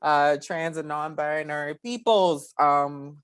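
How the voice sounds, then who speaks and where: A host of an online poetry event talks slowly and loosely, stopping often for ums. The voice sits mid-range, and the sound is dry and close. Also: medium pitch, clean tone, no room sound. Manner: warm, chatty, laughing, many ums. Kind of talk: casual chat.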